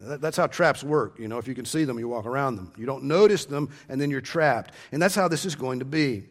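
Earnest male preacher teaching scripture. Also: medium pitch. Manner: earnest, stresses key words slowly, frequent word repeats. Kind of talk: expository sermon.

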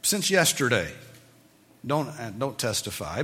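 A man's voice: medium pitch, unhurried, long reverb tail. A man preaching a sermon as pastor, teaching and asking his listeners emphatic questions. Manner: animated, rising to emphatic questions.

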